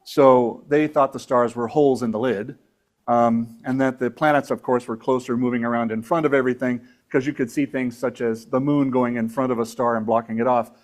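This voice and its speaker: A man's voice: medium pitch, fairly even intonation, fairly quick. A man teaching astronomy to a club audience in a conversational, rambling way with fillers and asides. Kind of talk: lecture to an audience. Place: meeting room with audience.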